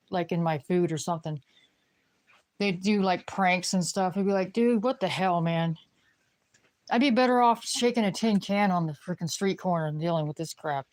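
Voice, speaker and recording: A woman's voice: medium pitch, darkish tone. A woman griping in a casual, rambling rant to the camera, swearing freely and filling her talk with "you know what I mean.". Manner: rambling, profane griping, lots of fillers.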